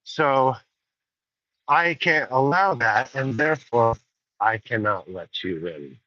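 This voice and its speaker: A man doing a male spaceship supercomputer that turns people down in a slow, even, coldly polite voice. The tone is bright and tense, and the sound is dry and dull, like a lo-fi recording. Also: medium pitch, no echo. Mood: coldly reasoning. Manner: slow, measured, cold politeness.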